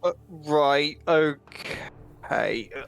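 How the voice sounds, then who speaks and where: Man, tabletop player, self-deprecating, slightly higher voice, casual. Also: extremely slow, soft background music. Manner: self-deprecating, laughing at own rolls.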